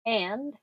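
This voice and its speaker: A woman's voice: on the high side, dry recording, lo-fi sound. A woman chatting casually to her viewers while setting up a tarot reading, sleepy and groggy, easygoing and self-deprecating.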